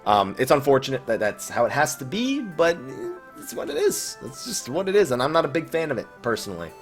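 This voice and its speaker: A male gaming host answers viewer questions in a relaxed, offhand way, blunt and quick to curse. His pitch sits in an ordinary middle register but swings around a lot as he talks. Soft music plays quietly underneath. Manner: casual, blunt, swears freely. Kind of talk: casual Q&A commentary about online games.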